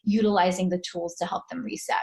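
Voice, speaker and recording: A woman in her thirties, a guest on an interview show, telling stories in a lively conversational way. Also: quick pace, gravelly. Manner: animated, pitch jumps up when quoting her child. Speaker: guest, meditation author. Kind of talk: conversational storytelling.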